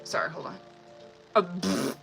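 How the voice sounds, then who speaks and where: A woman's voice: fairly low pitch, a little slow, creaky, fairly bright tone, husky, soft background music, poor audio. A young woman, a tarot reader, chatting casually with her live-stream viewers, laughing often and swearing freely.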